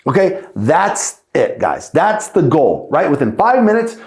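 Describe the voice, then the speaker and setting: Lively, animated male sales coach. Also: a little high, a little slow, roomy sound. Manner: coaching, peppered with "right?" and "okay?"; acts out sample call lines. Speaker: sales trainer. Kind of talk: podcast sales lesson.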